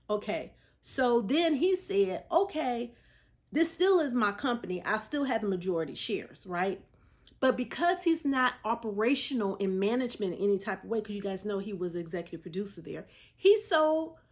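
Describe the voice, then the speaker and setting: A woman hosting a casual solo podcast, talking straight to her listeners in a chatty, animated way and laughing between remarks. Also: on the high side. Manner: chatty and animated, often addressing listeners directly; frequent fillers and restarts. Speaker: podcast host.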